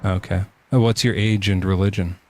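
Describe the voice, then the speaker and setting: Low-voiced joking podcast host. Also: male voice, steady tone, moderate pace, a little mellow, a little hiss or hum. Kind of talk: casual live-stream debate.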